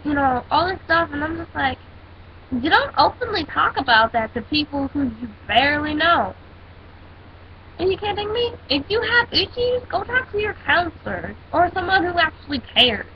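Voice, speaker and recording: Sassy high-voiced teen girl ranting. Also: big pitch swings, moderate pace. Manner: sassy, dramatic storytelling. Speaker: vlogger. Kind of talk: casual rant. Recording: dull lo-fi with faint hiss.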